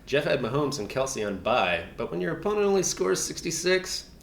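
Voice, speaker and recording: A man delivers mock news of league matchups with playful, teasing jabs. His pitch swings widely, and the room around him gives his voice a clear echo. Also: big pitch swings, moderate pace, slight background noise. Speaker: guest co-host. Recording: roomy echo.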